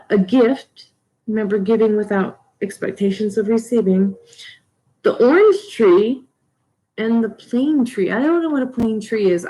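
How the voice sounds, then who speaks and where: A woman doing a casual weekly angel card reading for her viewers, emotional and rambling, with many halting restarts. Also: medium pitch, darkish tone, rough recording. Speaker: tarot reader.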